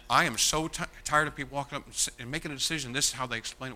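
A man preaching a sermon as pastor, animated and mocking, swinging between loud outbursts and hushed asides. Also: medium pitch, rapid-fire, hardly any pauses.

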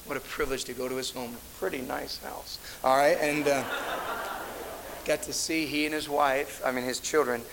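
A little hiss or hum runs through this low-quality recording of a middle-aged man preaching as a pastor. His voice is a little high and a bit bright. He rambles through anecdotes in a storytelling sermon, often backing up to restart.

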